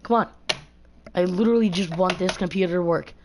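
Over a noisy background, a woman streaming a game live complains, swears, and rants in frustration at the other team and her computer. She uses a gaming headset mic, and her fairly low voice moves a little fast.

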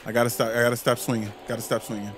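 A man giving excited, trash-talking commentary while playing a baseball video game, talking straight to his viewers. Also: medium pitch, very fast, faint music behind.

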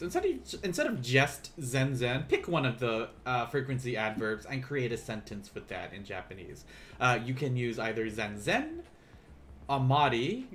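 A man's voice: mid-range voice, slight background noise. A man teaching a beginner language class on a live stream, asking the chat questions and encouraging them to try.

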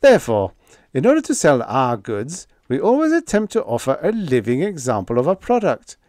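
A timid young spaceship officer in a sci-fi audiobook, his voice pitched well up and pushed a little loud, as a male narrator puts him on. He speaks blandly and hesitantly, stammering when flustered. The recording is close and dry. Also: huge pitch swings, moderate pace, no room sound. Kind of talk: audiobook character voice.

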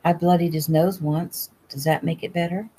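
A woman's voice: on the low side, fairly even intonation, moderate pace, warm tone, a little hiss or hum, lightly acted. A woman voicing a feisty, stubborn young woman in a storybook reading, wry and matter-of-fact. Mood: steady, wry.

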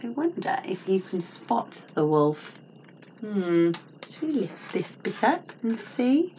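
A woman teacher reads a children's story aloud with lots of expression, her pitch swinging up and down. She gasps and asks the young listeners questions along the way. The recording is slightly dull, with faint ambient noise behind her. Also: very animated, takes it slowly, warm tone. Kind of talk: reading a picture book to children.

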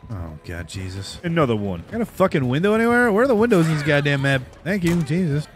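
A man streaming a horror game, reacting with loud, profane outbursts as he plays. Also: on the high side, sing-song, fast talker. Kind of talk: live gameplay commentary. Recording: game music underneath.

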